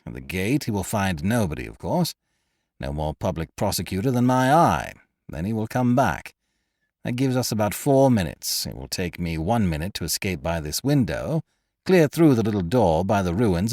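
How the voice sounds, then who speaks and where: A man voicing a menacing, misshapen male clerk turned crook, with gruff, mocking threats. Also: fairly low pitch, darkish tone, no room sound, clean studio sound.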